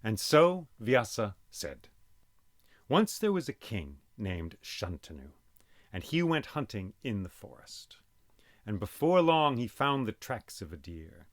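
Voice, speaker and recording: A man telling an old myth aloud as host, dramatic and animated, voicing sound effects as he goes. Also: mid-range voice, no room sound, clean studio sound. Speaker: storyteller and podcast host. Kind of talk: oral storytelling of myth.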